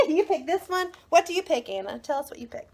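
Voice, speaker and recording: A bubbly woman in her thirties chats through a live book showcase and greets viewers by name as she goes. Her voice sits high and bounces all over the place. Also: big pitch swings, moderate pace, a little mellow. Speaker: book seller hosting a live video. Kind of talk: chatty live product showcase.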